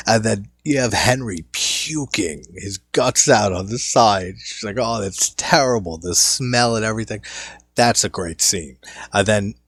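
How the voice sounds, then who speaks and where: Enthusiastic male movie reviewer, low dry voice. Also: a bit bright, no room sound. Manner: enthusiastic, recounting scenes with frequent laughs. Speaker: film review host. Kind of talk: casual film commentary.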